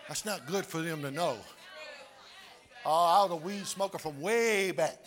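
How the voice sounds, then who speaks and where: A man preaching a sermon as pastor, telling folksy stories with laughter and rising to shouts. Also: fairly high pitch, a little slow, some chatter behind.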